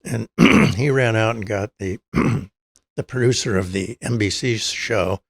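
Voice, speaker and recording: Clean studio sound with no echo carries an older man's fairly low, gravelly voice at a slow pace. He's an interview guest telling drawn-out anecdotes and dramatizing the quoted lines within them.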